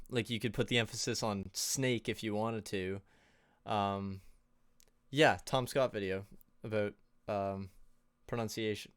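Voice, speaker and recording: A man's voice: lowish voice, smooth, no room sound, studio quality. A man casually presenting tips on a livestream in a loose, chatty way, full of fillers and little laughs. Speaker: co-host presenting on sound design.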